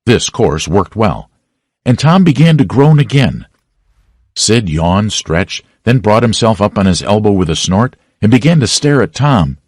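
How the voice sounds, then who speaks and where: A man narrating a classic novel as an audiobook with expressive storytelling. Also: on the low side, unhurried, no room sound, clean studio sound. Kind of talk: scripted narration.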